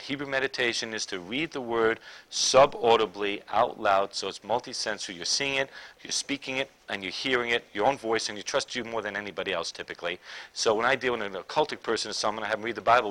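A man preaching a sermon, swinging between loud emphatic declarations and quiet, intimate asides. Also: on the low side, fast talker.

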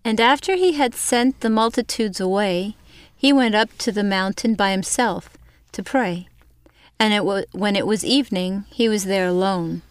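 Female co-host reading Bible passages, steady and careful, clean dry voice. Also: medium pitch, normal speed, clean tone, no room sound. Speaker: co-host and scripture reader. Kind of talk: reading scripture aloud.

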